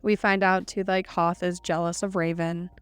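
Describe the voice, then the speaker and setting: A woman with a lowish voice chats her way through a book recap, dropping "like" constantly and acting out lines from the characters. The sound is close and dry, with faint music playing underneath. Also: flat delivery, moderate pace, smooth, dry recording. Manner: retells scenes with lots of "like", quoting characters. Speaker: podcast co-host. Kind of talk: casual book discussion.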